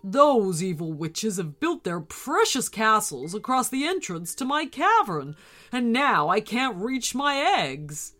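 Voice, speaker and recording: A woman voicing a grumpy, tired female winter dragon in a storybook reading, speaking in a snappish, booming way. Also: very animated, fairly bright tone, soft background music, full character voice. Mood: gruff. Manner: snappish, booming, slow and deliberate.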